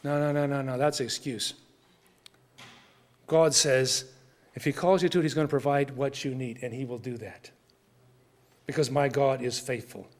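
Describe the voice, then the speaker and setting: An older man, a missionary speaker, telling an earnest mission story in church with emphatic repeats. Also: mid-range voice. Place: church sanctuary. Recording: long church reverb.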